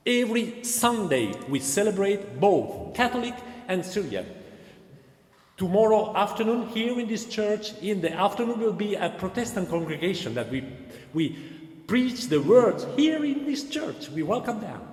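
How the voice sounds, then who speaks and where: Man speaking in an echoing church. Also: high-pitched. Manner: earnest, repeats key phrases, non-native phrasing. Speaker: Dominican cultural center host. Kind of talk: panel moderation. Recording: echoey church hall with long reverb.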